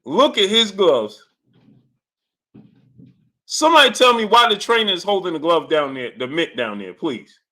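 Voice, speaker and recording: Animated, high-voiced male sports streamer. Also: a little fast. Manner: animated, incredulous, repeats phrases. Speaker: sports channel host. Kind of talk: live-stream commentary reading super chats.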